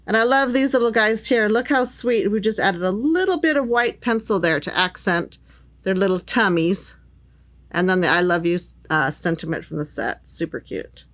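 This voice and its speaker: A woman's voice: medium pitch, moderate pace, a bit bright. A middle-aged woman demonstrating craft stamps with a bubbly, gushing manner. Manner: bubbly and gushing, lots of "little" and "cute". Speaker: craft product presenter. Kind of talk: product demonstration.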